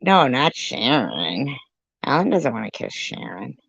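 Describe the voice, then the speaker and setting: A woman's voice: a bass voice, huge pitch swings, measured pace, gravelly, a bit bright, breathy edge, dry recording. A woman hosting a commentary channel, mocking and sarcastic as she reacts to clips, swearing freely. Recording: dull lo-fi dry sound.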